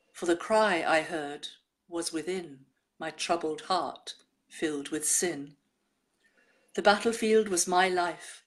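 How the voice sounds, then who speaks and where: A woman presenting a show, chatting and reading listeners' poems aloud in a measured way. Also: fairly low pitch.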